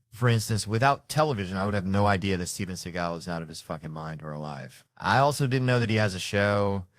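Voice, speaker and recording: Low-voiced guy doing stand-up, swears a lot, dry close mic. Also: no room sound. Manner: animated, profane storytelling. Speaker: stand-up comedian. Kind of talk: stand-up comedy routine.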